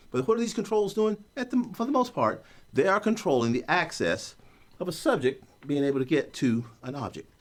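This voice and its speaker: A man teaching an online course, explaining concepts in a joking, story-driven way. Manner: animated, joking storyteller with a lively pitch. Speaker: course instructor. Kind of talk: recorded online lecture.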